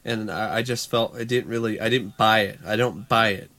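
A man's voice: lowish voice, fairly even intonation, normal speed, pushed and bright. Laid-back man co-hosting a podcast. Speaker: podcast co-host. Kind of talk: casual podcast chat.

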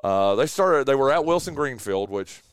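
Man, sports radio host, casual studio chat, filler-heavy, smooth resonant voice, dry sound. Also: medium pitch, lively intonation, normal speed, dry recording. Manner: chatty, filler-heavy, says "dude" a lot. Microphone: studio mic.

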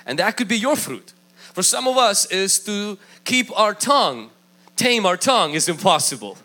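High, lively, bright-voiced male preacher. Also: normal speed. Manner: emphatic, acts out quoted voices. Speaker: pastor. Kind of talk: sermon.

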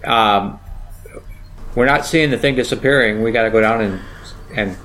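A man in casual chat at a tabletop game, halting and restarting his sentences. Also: lowish voice, fairly bright tone, rough recording. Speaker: player.

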